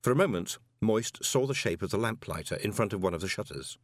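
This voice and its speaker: A man narrating an audiobook in an expressive storytelling manner. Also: lowish voice, brisk, no echo, clean studio sound.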